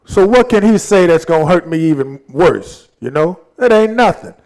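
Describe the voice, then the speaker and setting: A man's voice: sits high, animated, moderate pace, a little mellow. A man leading a Bible study in a casual, slangy, laid-back way, retelling scripture in everyday talk.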